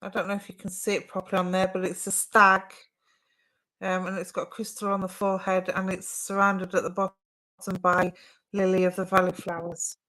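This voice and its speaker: A woman's voice: fairly low pitch, monotone, moderate pace, low-quality recording. A young woman hosting a casual live stream, chatting to viewers and giving psychic readings with plenty of fillers. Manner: chatty, warm replies to viewer comments with frequent fillers.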